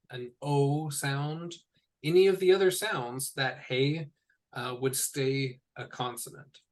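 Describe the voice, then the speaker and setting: A man teaching a one-on-one language lesson, patiently explaining sounds and repeating each word slowly. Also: medium pitch. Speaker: Hebrew teacher. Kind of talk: tutoring session.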